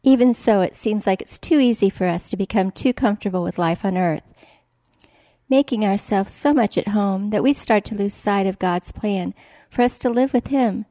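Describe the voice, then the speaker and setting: Woman, devotional reader; calm, measured scripted reading, dark mellow tone, dry recording. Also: mid-range voice, no echo.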